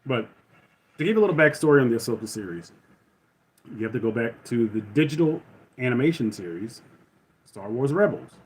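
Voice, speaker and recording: A man's voice: mid-range voice, animated, fairly quick, pauses often, husky, rough recording. Man rambling on a casual livestream. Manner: rambling, self-correcting, conversational. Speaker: livestream host. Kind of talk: casual live-stream chat.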